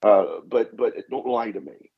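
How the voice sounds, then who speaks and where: A man with a husky, somewhat low voice recounts his cases as a podcast guest. He acts out each exchange with repeated "I said" and "she goes". The audio sounds dull and lo-fi. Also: a little slow. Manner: anecdotal, acts out dialogue, frequent "I said". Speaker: guest, demonologist. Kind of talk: storytelling in a podcast interview.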